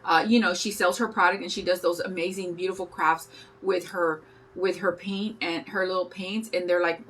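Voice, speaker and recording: A woman's voice: mid-range voice, a little fast, fairly bright tone, a little hiss or hum, low-quality recording. A woman in her fifties hosting a live craft tutorial, chatting in a bubbly, rambling way and greeting viewers by name as she works. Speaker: craft livestream host.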